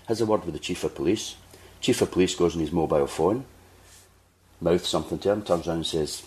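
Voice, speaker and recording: This Scottish host's deep, slightly mellow voice moves fast as he relates a lengthy anecdote in casual podcast chat. He performs the voices of the people he quotes.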